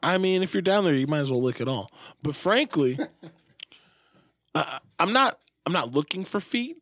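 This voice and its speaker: A man riffing crudely on a casual comedy podcast, rambling and laughing between jokes. His voice sits a little high for a man. The recording is dry and close. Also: animated, normal speed, fairly bright tone, no room sound. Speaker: podcast co-host.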